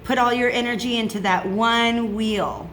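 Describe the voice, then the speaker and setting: A woman's voice: on the high side, fairly even intonation, moderate pace, fairly bright tone, slight background noise. A woman giving a casual tarot reading, chatty and reassuring, checking in with "okay?" often. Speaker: tarot reader.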